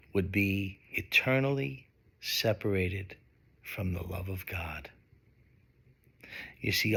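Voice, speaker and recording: A man preaching a sermon, slow and emphatic, with dramatic pauses. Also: lowish voice, vocal fry, a bit bright, husky. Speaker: pastor.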